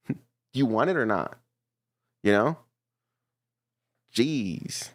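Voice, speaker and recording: A man giving a casual tarot reading to camera, animated and teasing, often laughing and acting out little voices. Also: medium pitch, takes it slowly, pauses often. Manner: teasing, playfully scolding. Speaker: tarot reader.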